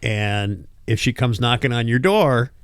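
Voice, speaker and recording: A man's voice: mid-range voice, expressive, measured pace, smooth. Guy on a podcast, voice bouncing all over, chuckles through his jokes. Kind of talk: casual chat.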